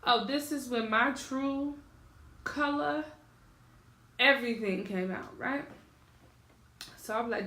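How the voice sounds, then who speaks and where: A woman's voice: on the high side, slow, long pauses, pushed and bright, reverberant. A woman vlogger telling a story at home, acting out both sides of phone calls. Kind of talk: casual storytelling. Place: at home on her couch.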